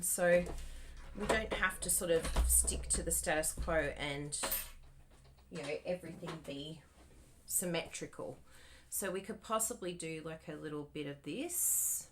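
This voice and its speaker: A woman crafter chats through a live card-making demonstration, thinking aloud and addressing her viewers directly. Her voice sits slightly low, swings widely in pitch, and moves at an unhurried pace. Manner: chatty, thinking aloud while working.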